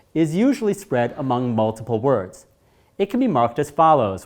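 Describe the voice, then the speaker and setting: A man narrating a scripted lesson, speaking in a measured way and stressing key words. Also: mid-range voice, a little mellow. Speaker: teacher.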